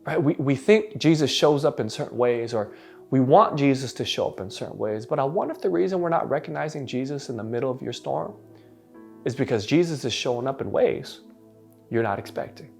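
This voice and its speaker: A pastor preaching a sermon, rising to emphatic peaks and dropping soft, with many repeated, stammered starts. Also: male voice, medium pitch, expressive, a little fast, creaky, faint music behind. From United States.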